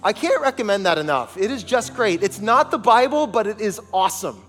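A man's voice: high voice, lively intonation, fairly quick, fairly bright tone, big-room sound, faint music behind. A man preaching a sermon as pastor, emphatic and calling on the congregation for responses, in a large church sanctuary.

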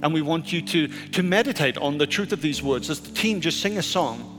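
A male pastor preaching a sermon, moving between urgent raised questions and quiet, hushed statements. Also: on the high side, lively intonation, brisk. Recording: church hall reverb with soft music.

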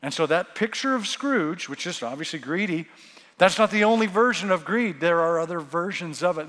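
High-voiced guy preaching a sermon, super animated, plays out little voices, long echo like a big church. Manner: animated, acts out quoted voices. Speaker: pastor.

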